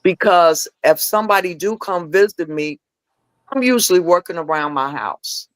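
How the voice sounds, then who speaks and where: A middle-aged woman telling candid personal stories as a podcast guest. She acts out the dialogue in her stories with lively voices. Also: fairly low pitch, normal speed, no room sound. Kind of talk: candid storytelling chat.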